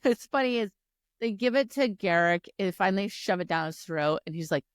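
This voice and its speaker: A woman co-hosting a casual book podcast, retelling the plot with lively energy and plenty of swearing. Her voice sits in a middle range. The sound is dry and close, with no room echo. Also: medium pitch, a little fast, smooth. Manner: animated retelling, acting out characters with swearing. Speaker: podcast co-host. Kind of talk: casual book recap chat.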